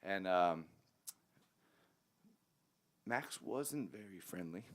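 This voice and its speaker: A man's voice: low voice, very slow. A man from Long Beach, California, a musician guest telling a story in a casual interview and acting out the people he quotes. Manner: animated storyteller who acts out the people he quotes.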